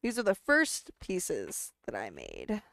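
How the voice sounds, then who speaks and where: A woman's voice: lowish voice, wildly swooping pitch, slow, gravelly, a bit bright, dry recording. A woman chatting casually on a sewing livestream, laughing often and reading chat aloud.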